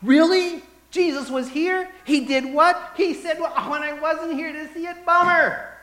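A man voicing a sarcastic, disbelieving male disciple in a mocking, high voice. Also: steady tone, unhurried, sharp tone, exaggerated voice. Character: incredulous doubting man, sarcastic, mid-adult. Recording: echoey room.

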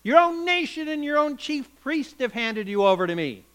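A man's voice: very high voice, very animated, moderate pace, a bit bright, pitched above the performer's own voice, full character voice, poor audio. A man voicing a hardened, cynical Roman governor who questions with sly sarcasm. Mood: scornful.

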